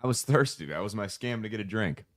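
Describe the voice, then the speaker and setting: A man's voice: lowish voice, animated, fast, no room sound, clean studio sound. A man co-hosting a casual podcast chat, skeptical and teasing, with lots of filler words. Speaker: podcast co-host.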